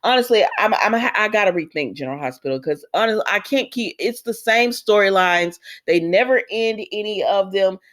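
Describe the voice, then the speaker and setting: A woman's voice: medium pitch, expressive, normal speed, few pauses, a bit bright. A woman hosting a casual soap opera recap vlog, chatty and opinionated, slipping into quoted voices of the characters and complaining about the writing. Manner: exasperated with the show's writing.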